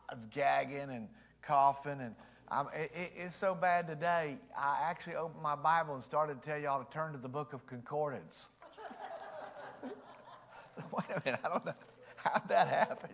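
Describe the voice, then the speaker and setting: A man's voice: on the high side, fairly bright tone. A man preaching a sermon as pastor, in a folksy, joking way, his voice strained by allergies. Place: church sanctuary.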